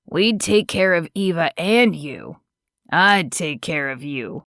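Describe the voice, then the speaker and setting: A woman's voice: lowish voice, unhurried, no room sound, clean studio sound, close to an everyday voice. A woman voicing a pushy man who speaks in a placating tone with an edge under it. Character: pushy man, pleading then sneering.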